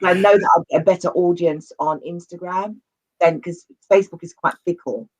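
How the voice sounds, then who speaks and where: A talk show host speaking casually and haltingly, restarting sentences often. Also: medium pitch, steady tone, poor audio. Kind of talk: casual interview chat.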